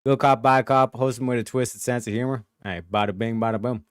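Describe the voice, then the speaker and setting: A man hosting a show, giving a blunt, profane and animated commentary rant. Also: medium pitch, fairly quick, clear, resonant tone, no room sound, studio quality. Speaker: show host.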